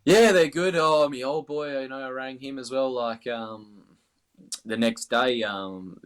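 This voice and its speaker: A man's voice: mid-range voice, a bit bright. A man with an Australian accent, a darts player being interviewed, chatting in a laid-back, rambling way over a video call. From Western Australia. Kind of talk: casual interview chat.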